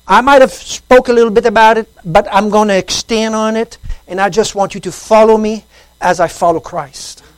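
A French-speaking pastor delivers an impassioned sermon at a church service, rising to loud, high emphasis. His voice is fairly even in intonation and normal in speed, with a clean tone. The recording is dry with no echo but low in quality.

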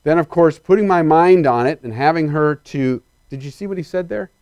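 Animated, higher-voiced male preacher, dry sound. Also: a little fast, clear, resonant tone, no room sound. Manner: animated and emphatic, swinging from loud excitement to quiet earnestness; addresses the congregation directly with questions. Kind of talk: sermon.

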